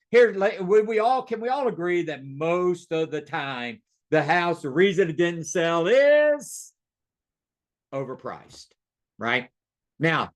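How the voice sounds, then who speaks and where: A man with a voice pitched a little higher than most, coaching his audience through a video call. He hammers his points home and repeats the important lines. He calls out to the listeners directly. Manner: emphatic, repeats key phrases, addresses audience directly. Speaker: real estate sales coach. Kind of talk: motivational coaching talk. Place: online meeting.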